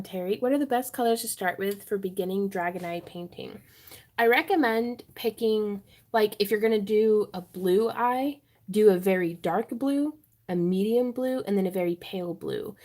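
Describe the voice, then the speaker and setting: A woman's voice: medium pitch, moderate pace, darkish tone. A woman hosting a craft livestream, chatting with viewers and giggling as she demonstrates wire wrapping. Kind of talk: casual livestream chat and tutorial. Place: home craft room.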